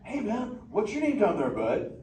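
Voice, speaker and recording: Crush, a stoked surfer turtle. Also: male voice, high-pitched, huge pitch swings, moderate pace. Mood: teasing. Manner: surfer slang, playful, joking with kids. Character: laid-back surfer sea turtle dude, male. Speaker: live show character chatting with audience. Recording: echoey theater from far off, loud audience noise.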